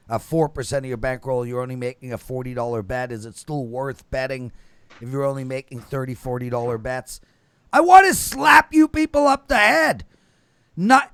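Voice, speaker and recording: A man hosting a casual betting panel show, lecturing listeners with emphatic swings between loud bursts and low mumbles. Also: clean tone, no echo. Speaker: show host.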